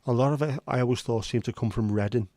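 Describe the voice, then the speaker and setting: A man's voice: mid-range voice, fast, warm tone, no echo. A man hosting a casual livestream chat, rambling and reading out viewer comments. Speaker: livestream host.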